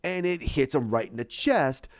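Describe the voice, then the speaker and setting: Podcast host, male, lively delivery, dull dry home mic. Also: medium pitch, moderate pace, dry recording. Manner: animated, acts out scenes, many restarts. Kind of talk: casual film recap.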